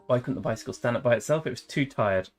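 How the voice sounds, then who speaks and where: A man's voice: mid-range voice, lively intonation, quick pace, soft background music. A man in his thirties from England chatting with viewers on a game live stream, with dry, self-mocking banter. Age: 30s. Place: room.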